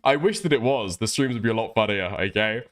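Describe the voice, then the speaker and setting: A man's voice: on the low side, fast, fairly bright tone. A male livestream host giving crude, incredulous reaction commentary and swearing heavily.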